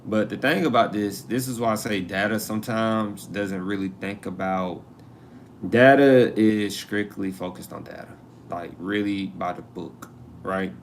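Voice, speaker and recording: A man's voice: lowish voice, steady tone, a little slow, a little hiss or hum. A man hosting a live stream, chatting casually to viewers and reading an article aloud, sometimes turning away from his mic.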